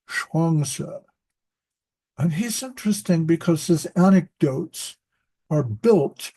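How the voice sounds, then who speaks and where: A man's voice: on the high side, gravelly, warm tone, slightly rough. A man who teaches reading, talking in a loose, rambling way at a group meeting and often restarting his sentences. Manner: rambling, self-interrupting storyteller. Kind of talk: casual group discussion.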